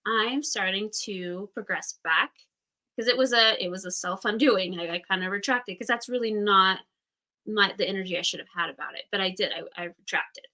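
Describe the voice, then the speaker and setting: A woman's voice: medium pitch, normal speed, bright, forceful tone, low-quality recording. A woman in her thirties hosting a casual astrology class, talking candidly and chattily with frank swearing. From Utah, United States. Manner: candid, chatty, swears, acts out quoted voices. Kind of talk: casual livestream astrology talk.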